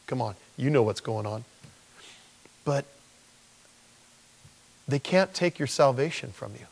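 A man preaching a sermon as pastor, animated and acting out quotes in lively voices. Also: mid-range voice, creaky, slightly rough. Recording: long hall reverb.

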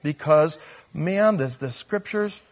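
A man's voice: a little high, expressive, slow pace. A man preaching a verse-by-verse sermon as a pastor, emphatic and repeating phrases for stress.

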